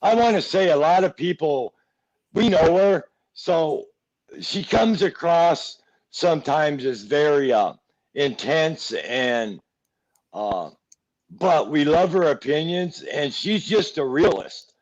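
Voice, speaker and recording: A man co-hosting a live stream, talking slowly and in a laid-back way, laughing easily. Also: fairly high pitch, lively intonation, a little mellow. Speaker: co-host. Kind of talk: casual live-stream chat. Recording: dull lo-fi line.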